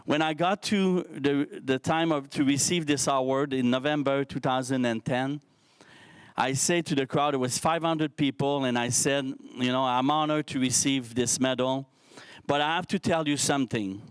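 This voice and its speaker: A man's voice: medium pitch, steady tone, normal speed, clear, resonant tone, no echo. A man in his fifties with a Québécois French accent, giving an earnest, candid speech to a youth audience from a stage microphone, often restarting his words. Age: 50s. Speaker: keynote speaker. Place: science centre stage.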